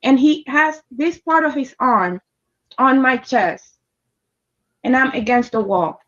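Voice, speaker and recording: A woman's voice: sits high, takes it slowly, a bit bright, muffled recording. A woman telling a personal story in a casual, emphatic and heated way, with heavy swearing. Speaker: storyteller recounting a personal experience.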